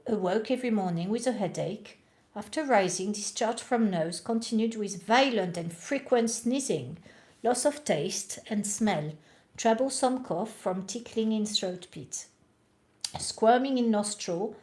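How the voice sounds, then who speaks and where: A woman's voice: mid-range voice, animated, a little slow, darkish tone. A woman reading aloud from old books at night and chatting to the camera between passages. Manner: chatty, reads aloud and comments, talks to camera. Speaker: reader of homeopathy books.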